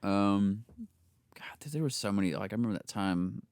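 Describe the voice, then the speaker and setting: A man's voice: fairly low pitch, normal speed, smooth, no room sound. A young man co-hosting a podcast, telling crude work stories in casual chat, swearing freely and acting out the people in them. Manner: profane storyteller, bursts into loud laughing impressions. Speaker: podcast co-host.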